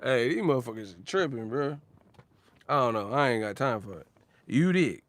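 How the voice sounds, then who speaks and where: A man ranting casually about boxing, animated and profane, laughing often. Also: mid-range voice, normal speed. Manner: animated, profane, laughs often, mocks others with sudden shouts. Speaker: boxing commentator.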